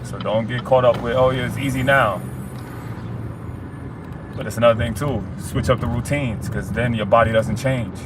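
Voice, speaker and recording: A man's voice: mid-range voice, fairly even intonation, fairly quick, few pauses, noisy background. A man livestreaming a casual motivational talk, streetwise and direct, often tagging lines with "you heard?". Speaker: fitness streamer.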